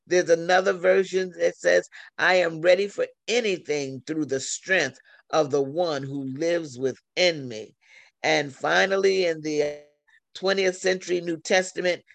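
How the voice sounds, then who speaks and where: A man preaching a sermon over a phone line, slow and deliberate, repeating key phrases. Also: a little high, vocal fry, fairly bright tone, no room sound.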